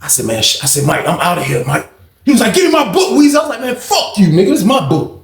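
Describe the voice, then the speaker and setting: A man's voice: high-pitched, fast, creaky, echoey room. A man telling a storytime tale in casual slang, acting out each person's lines with shifting voices. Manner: animated, acts out dialogue with shifting voices, heavy slang and profanity. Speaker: storytelling channel host.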